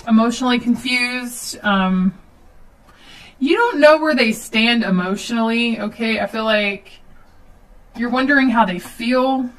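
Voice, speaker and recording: A woman's voice: a little high, a little slow, recorded from a distance, a little hiss or hum, poor audio. A woman giving a casual tarot reading at home, chatty, with filler ums and nervous laughs. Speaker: tarot reader.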